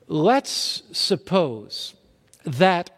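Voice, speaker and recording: A man's voice: on the high side, very animated, extremely slow, big-room sound. A man preaching a sermon, emphatic, asking his listeners questions and answering them himself. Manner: emphatic, asks the crowd questions then answers.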